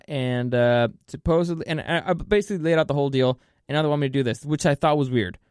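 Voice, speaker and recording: A man with a fairly high voice rambles through a personal story, cursing freely and tripping over restarts. The sound is close and dry, with almost no room around it. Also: quick pace, hardly any pauses, darkish tone, smooth, dry recording. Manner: rambling and profane, with many restarts and fillers. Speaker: vlogger telling a personal story. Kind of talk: casual storytelling monologue. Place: California.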